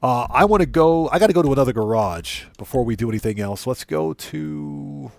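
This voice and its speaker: A man's voice: mid-range voice, lively intonation, fairly quick, gravelly. A man chatting casually with viewers while streaming a game, greeting them by name and often repeating and correcting himself. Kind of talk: casual livestream chat.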